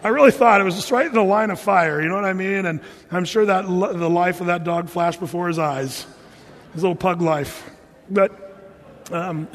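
Male pastor, middle-aged, high voice, sermon storytelling, loud bursts, reverberant church hall.

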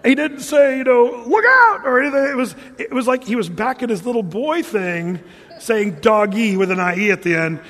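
A middle-aged man preaching a sermon in a church, telling stories in an animated way with loud bursts. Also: very high-pitched, a little fast. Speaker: pastor. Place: church hall. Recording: church hall reverb.

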